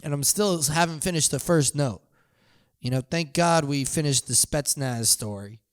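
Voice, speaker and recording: A young man hosting a podcast, telling a long rambling story full of "you know" and sudden loud drawn-out yells. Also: on the high side, clean tone, no echo, studio quality. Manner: loose, meandering, swings into loud drawn-out yelled bits. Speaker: podcast host.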